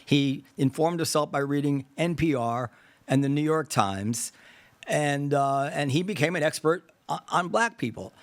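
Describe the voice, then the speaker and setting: Speaking a little slowly in a voice on the high side, this podcast host muses through a debate in casual conversation. He digresses, uses fillers as he thinks aloud, and animatedly acts out imagined exchanges, all on a dry recording.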